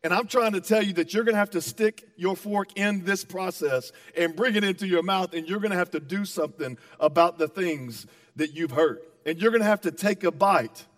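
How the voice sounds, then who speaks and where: High-voiced, energetic man preaching in a hall. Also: moderate pace, hardly any pauses. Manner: energetic, playful, talks straight to the audience. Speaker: pastor. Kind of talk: conversational sermon with storytelling. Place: church auditorium. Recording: long reverb of a large hall.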